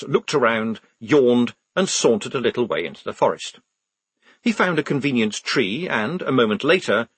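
Male audiobook narrator, wry, husky, lively pitch, dry close sound. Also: dry recording. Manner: dry, wry comic delivery.

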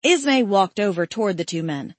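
A woman narrating a historical story aloud, shifting her voice up and louder for the quoted lines. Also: medium pitch, lively intonation, fairly quick, no room sound.

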